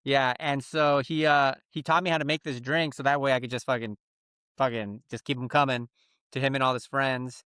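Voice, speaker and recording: A man's voice: mid-range voice, normal speed, clear, resonant tone, no echo, clean studio sound. A Mexican-American man in his thirties, a podcast co-host telling stories in casual chat, swearing freely and acting out what others said. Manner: animated storyteller, acts out quotes, swears freely.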